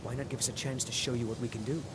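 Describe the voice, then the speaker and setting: A man's voice: mid-range voice, steady tone, very fast, background noise, close to an everyday voice. An actor playing a friendly young male mage student who talks earnestly and candidly. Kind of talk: video game voice acting.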